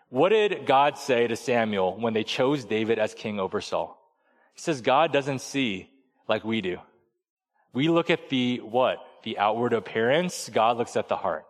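Conversational male preacher in a reverberant hall. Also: mid-range voice. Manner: conversational storytelling preacher, acts out voices. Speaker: pastor. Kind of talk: sermon.

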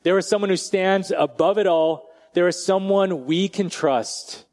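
Casual, slightly high-voiced male pastor. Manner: casual and direct, drops to quiet, slow emphasis. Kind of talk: conversational sermon.

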